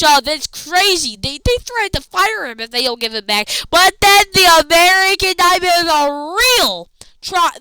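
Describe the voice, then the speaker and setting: A woman casually recapping a wrestling show, rambling excitedly with lots of fillers and restarts. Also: high voice, no room sound, poor audio.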